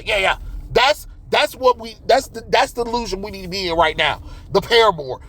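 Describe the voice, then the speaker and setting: Commentator: fired-up man with a high voice, loud, profane, exasperated rant. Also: rough recording. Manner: loud, exasperated, swears constantly, shoots up to yelps. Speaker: video commentator.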